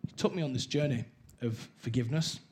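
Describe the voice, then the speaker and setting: A young man candidly sharing his personal testimony in a conversational way, with halting restarts. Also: medium pitch, a little mellow.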